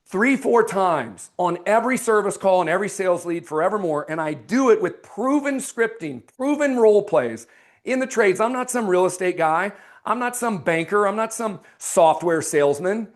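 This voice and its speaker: A sales coach role-plays his closing pitch to a homeowner, sinking into a slow, low, serious tone for the close. When he explains the technique, he becomes energetic and emphatic.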